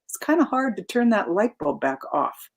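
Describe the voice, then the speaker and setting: A woman guest in a casual conversation, reflective, turning animated in her quoted asides. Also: a little high, normal speed.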